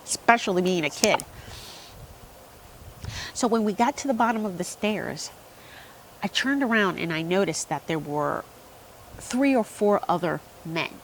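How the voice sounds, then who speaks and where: A woman's voice: mid-range voice, animated, a little slow, pauses often, slight background noise. A middle-aged woman giving a speech that tells a personal story. She talks conversationally, with asides and questions to the audience. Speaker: speaker.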